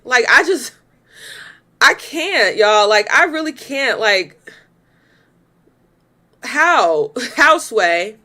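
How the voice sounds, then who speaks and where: A woman's voice: a little high, animated, drawn-out words, pauses often, sharp tone. A young woman hosting a reaction video, talking bluntly and with exasperation, cursing freely and laughing often while she comments. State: pregnant.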